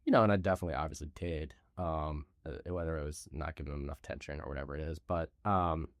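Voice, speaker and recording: A man's voice: a bass voice, fairly even intonation, fast talker, no room sound, studio quality. A young man hosting a podcast in a casual, easygoing way, with many fillers. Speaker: podcast host. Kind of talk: casual chat.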